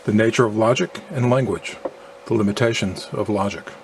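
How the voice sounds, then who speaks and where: A man reading a scripted narration in a measured, argumentative way, with faint noise behind him. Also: fairly low pitch, gravelly. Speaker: video narrator.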